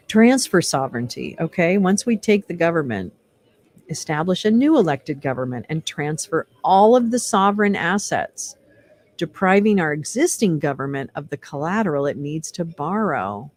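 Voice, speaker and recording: A woman with a fairly low voice reads a website aloud and mocks it line by line. Her tone is sarcastic and scoffing, and she swears in offhand asides. It sounds like casual commentary for a vlog. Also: sing-song, normal speed. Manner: mocking, sarcastic, laughs between lines, profane asides. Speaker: commentary vlogger.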